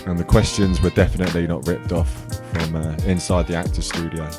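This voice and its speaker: A man's voice: low-pitched, level tone, a little fast, over music. A man rambling through a jokey improvised freestyle rap, his mouth burning from spicy food. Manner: rambling, jokey, breathless rhyming.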